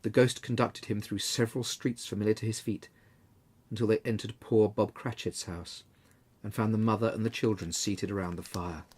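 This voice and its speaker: A man narrating a classic story aloud in a measured, expressive way, with a husky voice. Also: lowish voice. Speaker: reader.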